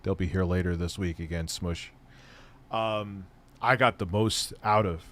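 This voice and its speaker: A man in middle age with a somewhat low voice hosts a live stream. He talks in a loose, rambling, casual way and swears freely as he chats. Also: fairly even intonation, a little slow, a bit bright. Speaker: streamer host.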